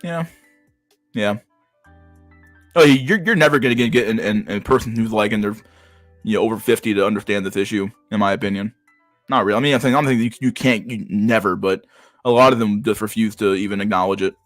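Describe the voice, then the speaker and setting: A man's voice: on the low side, brisk, fairly bright tone, dry recording, faint music behind. A man streaming and reacting to chat messages in a blunt, profane way, often stumbling and repeating words. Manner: profane, blunt, restarts a lot. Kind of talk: casual livestream chat.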